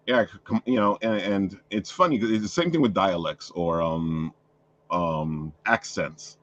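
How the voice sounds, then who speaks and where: A man's voice: deep voice, unhurried, fairly bright tone, dull audio. A man hosting a casual chat, rambling with many restarts and frequent laughter. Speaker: podcast host.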